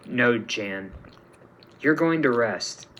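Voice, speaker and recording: A man's voice: mid-range voice, lively intonation, very slow, background noise. A man reading the lines of a firm, protective woman commander in a fan story. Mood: reassuring.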